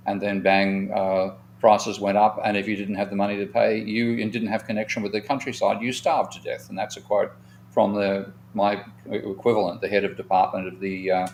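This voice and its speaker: A man's voice: fairly low pitch, flat delivery, normal speed, darkish tone, reverberant, a little hiss or hum. A man, an economist hosting a live discussion, telling long anecdotes in a frank, rambling way and swearing at times. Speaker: economist and show host.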